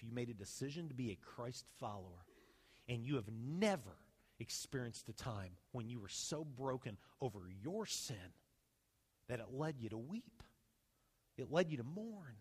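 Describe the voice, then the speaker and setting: A man preaching a sermon as pastor, animated, swinging between loud emphasis and soft, slow asides. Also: mid-range voice, slightly rough, in a large hall. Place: church sanctuary.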